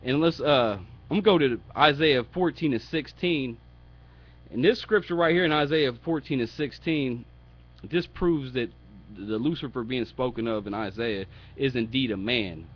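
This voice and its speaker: In a lo-fi clip, a man of medium pitch speaks at normal speed while delivering a casual Bible teaching. He mocks and speaks bluntly, drops profane asides, and reads the verses out in a raised voice.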